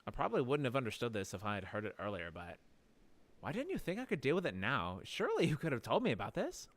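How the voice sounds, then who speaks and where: A man's voice: mid-range voice, huge pitch swings, fast talker. A man voicing a young male prince, earnest and reproachful, asking pointed questions.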